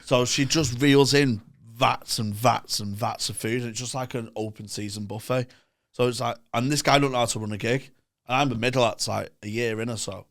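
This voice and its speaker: A man's voice: mid-range voice, steady tone, normal speed. A man with a Northern English accent chatting and telling gig stories on a comedy podcast. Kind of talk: casual chat.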